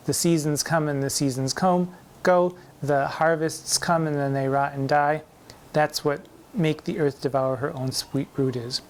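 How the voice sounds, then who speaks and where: A man performing in drag who hosts a playful, theatrical talk on a sonnet and recites the verse slowly and emphatically. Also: a little high, steady tone, slight background noise. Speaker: drag performer hosting a poetry show. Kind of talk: campy poetry lecture with recitation.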